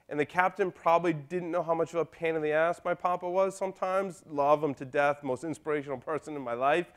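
A man giving a conference talk, telling a story in a casual, joking way and talking straight to the audience. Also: high voice. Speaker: conference speaker. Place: conference hall.

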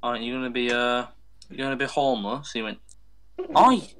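A man's voice: mid-range voice, steady tone, quick pace, fairly bright tone, smooth. A man chatting casually while gaming, rambling through a story and acting out the voices of the people in it. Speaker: gamer.

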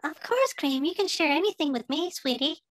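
A woman's voice: high voice, animated, a little fast, a bit bright, no echo. A woman voicing a silly, affectionate mother rabbit in a cartoon fan dub, cooing pet names. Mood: tender.

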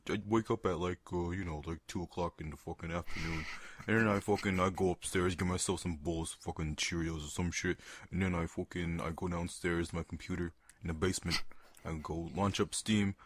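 Crude stoner gamer guy, as a man puts him on, rambling, swearing, husky voice. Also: low-pitched, brisk, no echo. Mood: grumbling.

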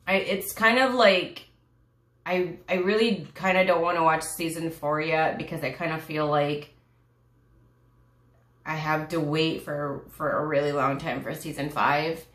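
Low-voiced gushing woman reviewer, echoey room. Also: steady tone, unhurried, a bit bright. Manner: rambling, gushing, sighing, with many fillers and restarts. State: close to tears. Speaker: YouTube reviewer. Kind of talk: casual emotional TV review.

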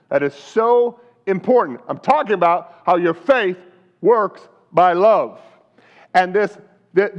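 A male pastor preaches a sermon in a notably high voice. He tells the story with animation and keeps turning to the congregation with questions. The recording sounds muffled. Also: animated, measured pace.

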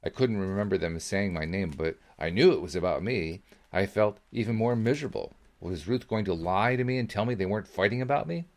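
A man reading a book aloud as a podcast host, narrating in the first person in a measured, steady way. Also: sits low. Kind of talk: audiobook-style reading.

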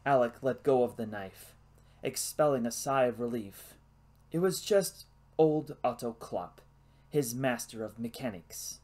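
A man narrating a novel as an audiobook in a hushed, suspenseful reading. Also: medium pitch, unhurried.

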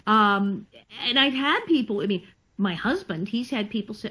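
A woman actress chatting in an interview over a video call, telling animated stories with laughter. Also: fairly high pitch, normal speed, slightly rough, low-quality recording. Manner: animated, laughing, acts out quotes. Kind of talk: casual storytelling interview.

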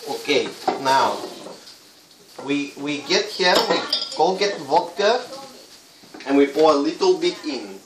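A man's voice: fairly high pitch, expressive, slow pace, long pauses, echoey room, far from the mic, noisy background. A man in a put-on Russian accent hosting a joking cooking tutorial in broken English. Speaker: host of a joke cooking tutorial.

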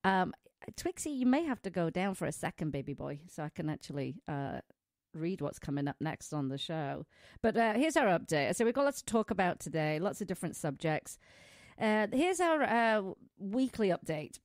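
Middle-aged woman host with a foreign accent, low-pitched, chatty and laughing, close dry studio sound. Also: big pitch swings, normal speed, no echo. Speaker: pet radio show host. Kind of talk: casual radio chat. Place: small studio.

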